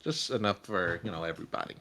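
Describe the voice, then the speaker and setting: Deep voiced guy playing a tabletop game, lots of "like" and "uh", stop-start. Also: big pitch swings, bright, forceful tone, faint music behind. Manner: halting, heavy on fillers. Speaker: player. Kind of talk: casual tabletop chat.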